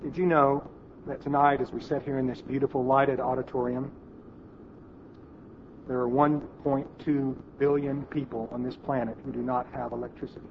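Man, sermon storyteller, hushed at tender moments, faint room hiss behind. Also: mid-range voice, little pitch movement, normal speed, gravelly, muffled recording. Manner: storytelling, quieting to a hush at emotional moments. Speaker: preacher. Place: auditorium.

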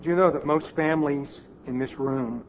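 Man, sermon storyteller, hushed at tender moments, faint room hiss behind. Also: fairly high pitch, normal speed, muffled recording. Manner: storytelling, quieting to a hush at emotional moments. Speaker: preacher. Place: auditorium.

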